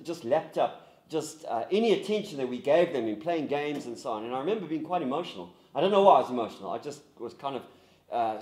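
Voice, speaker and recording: A man, a pastor leading a group discussion in an earnest, halting way with many restarts. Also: a little high, darkish tone, reverberant. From South Africa. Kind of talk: recorded group discussion guide.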